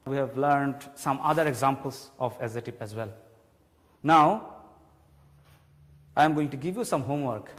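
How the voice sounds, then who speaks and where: A man teaching a televised grammar class, explaining slowly and repeating key points. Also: medium pitch. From Bangladesh. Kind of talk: televised classroom English lesson. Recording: long hall reverb.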